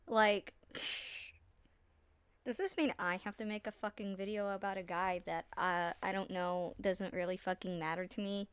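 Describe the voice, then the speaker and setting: A woman's voice: medium pitch, steady tone, unhurried, smooth, no room sound. A woman hosting a reaction video, exasperated, swearing and sighing as she reacts. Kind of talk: reacting to a clip.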